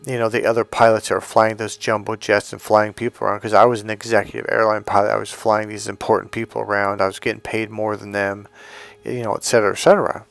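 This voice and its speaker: Middle-aged male coach, lowish voice, profane and emphatic, anecdotal monologue. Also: monotone, fast, creaky, hardly any pauses, fairly bright tone, no room sound. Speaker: dating coach. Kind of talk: casual monologue.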